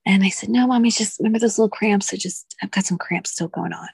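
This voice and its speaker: A woman in her thirties, a guest on a podcast, telling a personal loss story in an emotional, halting way with many restarts. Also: medium pitch, creaky, darkish tone, breathy edge, dry recording.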